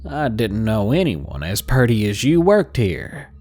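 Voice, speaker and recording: Creepy fifties cowboy with a heavy Southern drawl, slow and oily, read by a male narrator. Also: lowish voice, big pitch swings, a little mellow. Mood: leering. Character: leering middle-aged male cowboy creep.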